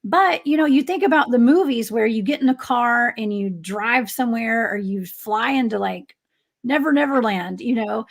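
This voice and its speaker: A woman hosts a radio talk show, her higher voice heavy with vocal fry. She chats casually and answers her guest with quick interjections. She thinks aloud as she talks. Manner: chatty, reacts with short interjections.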